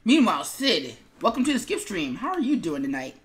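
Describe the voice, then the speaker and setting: A woman's voice: mid-range voice, sing-song, brisk. A woman streamer chatting casually to viewers while she works on an animation, rambling with lots of fillers and mumbling to herself.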